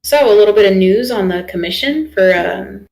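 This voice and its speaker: A woman's voice: mid-range voice, lively intonation, moderate pace, vocal fry, a little mellow, low-quality recording. A young woman streamer chatting casually while she draws, rambling with lots of fillers. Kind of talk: casual chat while drawing.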